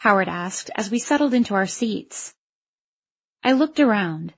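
Woman audiobook narrator, wry first-person teen voice, breathy, muffled lo-fi sound. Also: medium pitch, animated, unhurried.

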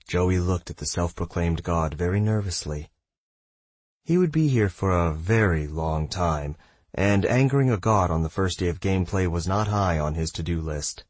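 Low, husky male audiobook narrator. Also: expressive, moderate pace, dry recording. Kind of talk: scripted narration.

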